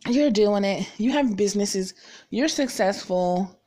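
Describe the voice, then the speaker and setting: A young woman vlogging in casual chat, blunt and animated, swearing freely and filling her talk with "like". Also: mid-range voice, unhurried.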